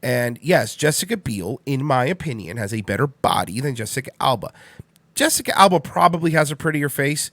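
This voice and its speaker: A man's voice: medium pitch, sing-song, normal speed, a bit bright, no echo. A man in his thirties hosting a livestream radio show, rambling in casual chat, repeating himself and swearing bluntly. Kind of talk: casual solo stream chat.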